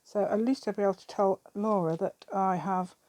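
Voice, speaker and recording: A woman's voice: medium pitch, steady tone, moderate pace, a little mellow, no room sound. A British woman hosting a craft channel, chatting through a crafting demonstration and rambling to herself with giggly asides.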